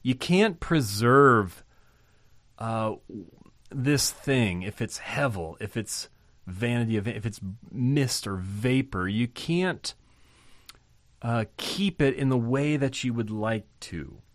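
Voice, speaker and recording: A man's voice: medium pitch, animated, slow, no room sound. A man giving an informal Bible lesson, thinking aloud with fillers and restarts and rising to emphasize key points. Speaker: Bible teacher.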